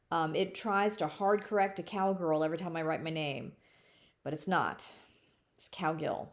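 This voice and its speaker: A middle-aged woman speaks as a school counselor addressing fifth graders. She is playful and jokey, and she lingers on key words so they land. Her voice sits at an ordinary middle pitch. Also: darkish tone. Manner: playful, jokey, stretches words slowly for emphasis. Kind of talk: friendly recorded presentation to fifth graders.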